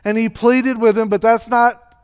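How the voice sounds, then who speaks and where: Male pastor, sermon, high voice, smooth, conversational storytelling. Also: little pitch movement, moderate pace. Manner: storytelling, conversational, acts out characters.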